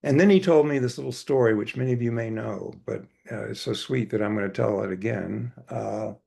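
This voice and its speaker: Rambly guy telling a story at a gathering, real gravelly, kinda husky. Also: mid-range voice, brisk, a little mellow. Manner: rambling, many fillers and restarts. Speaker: speaker at a devotional gathering. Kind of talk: anecdotal storytelling presentation.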